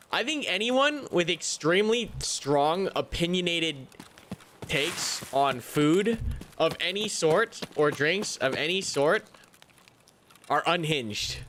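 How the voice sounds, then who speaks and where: A young man streaming a game, chatting casually in a rambling, profane, animated way. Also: a little high. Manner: rambling, profane, animated rants with mocking impressions. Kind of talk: casual live-stream chat while gaming.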